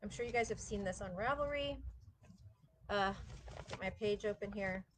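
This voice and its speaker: A woman's voice: medium pitch, normal speed, a little hiss or hum. A woman hosting a live knitting chat, talking casually and enthusiastically with viewers and laughing often. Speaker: knitting shop host.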